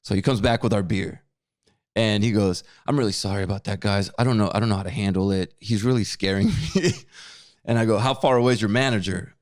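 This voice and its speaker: A man's voice: lowish voice, brisk. A man co-hosting a podcast, telling a story in casual chat and acting out what others said, often repeating his words. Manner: animated storyteller, acts out quotes, repeats words. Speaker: podcast co-host.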